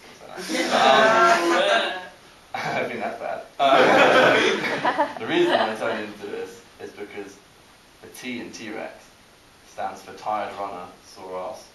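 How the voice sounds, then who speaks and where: A young British man doing a stand-up comedy set, self-deprecating, with halting delivery full of restarts. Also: on the low side, very animated, fairly bright tone. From Britain. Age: young adult. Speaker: stand-up comic. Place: college comedy show with a live audience. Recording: echoey, distant, hissy live recording.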